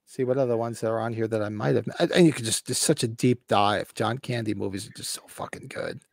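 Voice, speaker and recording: A man in his fifties co-hosting a casual livestream podcast, excited, swearing freely and acting out movie lines. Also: fairly low pitch, fast, vocal fry, no room sound, clean studio sound. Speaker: podcast co-host.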